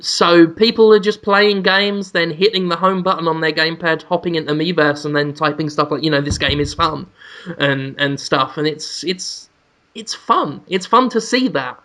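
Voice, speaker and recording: A man's voice: a little high, normal speed, bright, forceful tone. A man hosting a podcast, chatting casually and cracking cheeky jokes. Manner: cheeky, joking. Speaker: podcast host. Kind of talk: casual chat.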